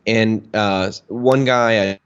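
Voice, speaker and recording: A health practitioner tells a long personal story in an interview, casual, chatty, anecdotal, and full of fillers. His voice is fairly low and smooth with fairly even intonation, he speaks very slowly, and the recording sounds muffled.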